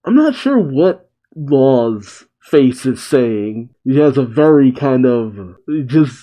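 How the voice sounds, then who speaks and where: Male reaction host, mellow voice, reads comic panels aloud and laughs a lot. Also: medium pitch, big pitch swings, slow pace, poor audio. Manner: reads aloud, acts the characters, laughs often. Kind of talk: reading a comic aloud with commentary.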